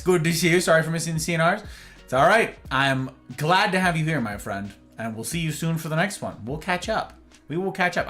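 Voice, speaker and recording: A man's voice: fairly high pitch, a bit bright. A man streaming from home, chatting casually and greeting his viewers by name with playful flourishes. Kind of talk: casual livestream chat.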